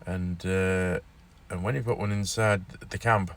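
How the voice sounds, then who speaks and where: A man's voice: sits low, fairly even intonation, a little slow, fairly bright tone. Rambling male news vlogger. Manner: rambling, repeats himself with fillers. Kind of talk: casual news vlog.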